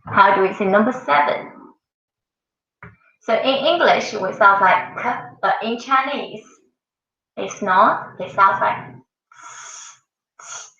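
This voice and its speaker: A woman teaches a classroom lesson at a slow, patient pace, saying each sound several times over. Her voice carries a gravelly edge. She is picked up from across an echoey room on a dull-sounding mic. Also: mid-range voice, pushed and bright, distant mic. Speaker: Mandarin teacher. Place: school classroom.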